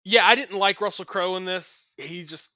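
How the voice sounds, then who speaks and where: Man, film review chat, bright tense voice, dry dull lo-fi sound. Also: sits high, no echo. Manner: halting, restarts and fillers, plain-spoken opinions.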